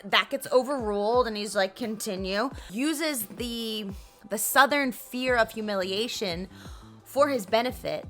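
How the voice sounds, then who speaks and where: A woman's voice: on the high side, a little slow, fairly bright tone, soft background music. A woman hosting a casual, chatty history retelling, swearing freely and acting out each character's lines. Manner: chatty and profane, acts out every character's lines. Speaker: storytelling video host.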